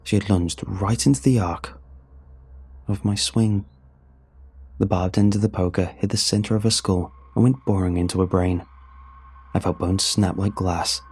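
A man telling a first-person horror story in a grim, measured way. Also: low-pitched, fairly even intonation, darkish tone, slightly rough. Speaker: narrator.

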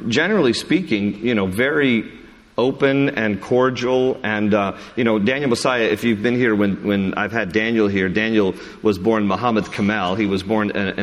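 A man, a pastor, talking in a conversational, self-deprecating way during a sermon question-and-answer session, animated when he tells stories. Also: on the low side. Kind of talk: sermon Q&A with congregation. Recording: long hall reverb.

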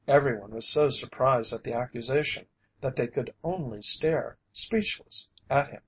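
A man reading a story aloud as an audiobook narrator, in a steady, even manner. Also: mid-range voice, moderate pace, husky, rough recording. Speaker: audiobook reader.

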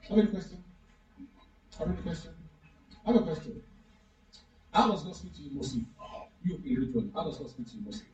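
A man's voice: a little high, animated, fast, long pauses, a little mellow. A pastor giving an interactive sermon, repeating his questions to the congregation over and over. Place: church hall. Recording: echoey, distant, dull room recording.

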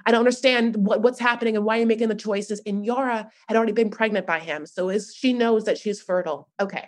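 A young woman hosting a podcast, recapping a reality show in an animated, gossipy chat full of fillers. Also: mid-range voice, fast talker. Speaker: podcast host.

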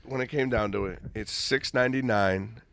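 A man's voice: moderate pace, vocal fry, no room sound. A man co-hosting a casual podcast, telling a story with lots of energy and acting out phone calls. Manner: animated storyteller who acts out phone calls in a high mimicking voice. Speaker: podcast co-host, restaurant owner.

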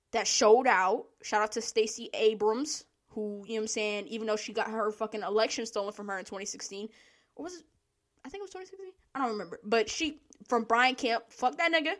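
A woman hosting a podcast, delivering a blunt, profane, exasperated rant full of slang. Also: on the high side. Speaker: podcast host. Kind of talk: casual political rant.

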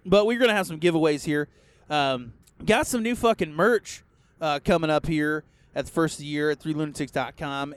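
A man hosting a podcast from inside a car, swearing constantly and breaking into yells as he rants. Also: on the high side, smooth. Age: adult, past a first marriage. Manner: crude, swears constantly, bursts into yelling. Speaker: podcast host. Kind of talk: profane casual rant.

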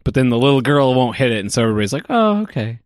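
A man's voice: mid-range voice, fairly even intonation, very fast, a little mellow, no echo. Chatty man, dry close recording. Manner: laughs easily, chatty. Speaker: podcast co-host. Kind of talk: casual movie review chat.

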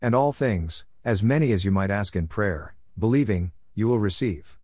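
A man reading scripture aloud in a steady, even way, reading the quotes in the same voice. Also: lowish voice, moderate pace, dry recording, studio quality. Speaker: scripture reader.

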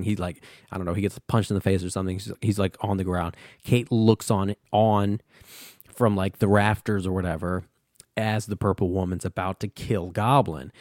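A man's voice: lowish voice, a little mellow, no echo, studio quality. A man hosting a comic book podcast, recapping an issue in a loose, rambling way and swearing often.

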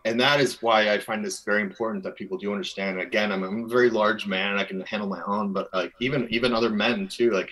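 A man's voice: lowish voice, bright, forceful tone, low-quality recording. A man from Minnesota, a guest telling a long personal story in a casual interview, full of fillers and restarts. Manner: rambling, filler-heavy, earnest.

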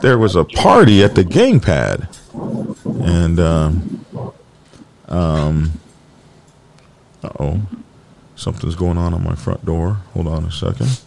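A man with a gravelly, fairly low voice hosts a casual biker news live stream. His pitch jumps around a lot as he rambles and jokes. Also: animated, slow pace, pauses often, darkish tone, slight background noise. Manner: rambling, joking, talks to his dog mid-show. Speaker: biker news show host.

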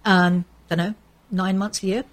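A woman's voice: mid-range voice, level tone, moderate pace. An older woman from England chatting casually as an interview guest, telling anecdotes with lots of fillers and restarts. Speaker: soap actress guest.

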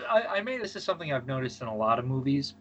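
A man in easygoing podcast banter who rambles and stammers through his points. He giggles a lot and pokes fun at himself. His voice has an ordinary middle pitch. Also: very animated, fairly quick, highs cut off, crowd noise. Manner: giggly, rambling, self-deprecating. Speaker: podcast co-host. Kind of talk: casual movie chat.

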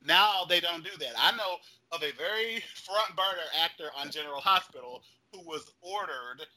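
A man co-hosting a casual chat show, campy and animated, slipping into mimicry as he rants. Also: high voice, normal speed, rough recording. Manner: campy, animated, mimics people mid-rant. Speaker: podcast co-host.

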